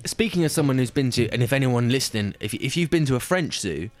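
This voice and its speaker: A man's voice: medium pitch, animated, fast talker, darkish tone, dry recording. A man in casual comedic chat, swearing a lot and joking around. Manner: swearing, jokey, slips into silly put-on voices.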